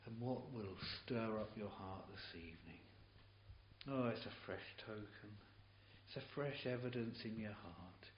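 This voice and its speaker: Slow, impassioned preacher in an echoey church. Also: male voice, on the low side. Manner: impassioned, halting with repeated words. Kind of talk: sermon. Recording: dull, hissy, roomy old tape recording.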